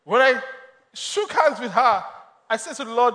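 A man's voice: extremely high pitch, expressive, moderate pace, bright, forceful tone. A man preaching a sermon, emphatic and storytelling, laughing often. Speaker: pastor. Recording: long reverb of a large hall.

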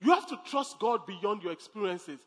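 A pastor preaching a sermon, emphatic, repeating phrases and breaking into laughs. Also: male voice, sits high, lively intonation, moderate pace. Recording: long hall reverb.

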